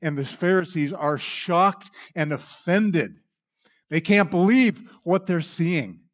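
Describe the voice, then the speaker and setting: A man preaching a sermon, dramatic in delivery, acting out the voices he quotes and swinging from loud to hushed. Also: high-pitched, lively intonation, takes it slowly.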